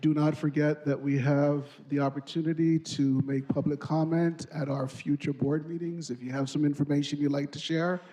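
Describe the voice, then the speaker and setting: A man's voice: a little high, little pitch movement, normal speed, hardly any pauses, warm tone, rough recording. A man chairing a public hearing, speaking in a firm, formal way. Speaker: hearing moderator.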